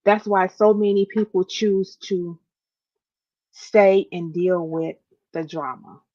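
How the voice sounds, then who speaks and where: A woman hosts a podcast in a lowish voice, speaking straight to her listeners with heartfelt emphasis and repeated phrases. She sounds close to tears. The audio is dull and lo-fi. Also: steady tone, slow, warm tone. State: near tears. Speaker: podcast host.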